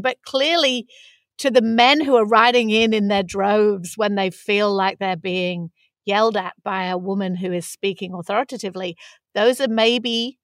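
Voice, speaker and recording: A woman's voice: medium pitch, a bit bright, no echo, studio quality. A woman from England with a Mancunian-tinged English accent, co-hosting a casual chat and thinking aloud as she talks. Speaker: podcast co-host.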